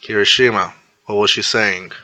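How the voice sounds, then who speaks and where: A man's voice: lowish voice, no echo, poor audio. Man doing a terse, tired male teacher. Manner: flat, curt and quick.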